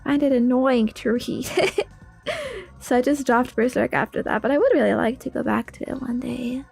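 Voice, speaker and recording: High, gravelly young woman streamer. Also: moderate pace, a little mellow, faint music behind. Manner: rambling, loose, lots of "like" fillers and laughs. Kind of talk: casual chat while building a model kit.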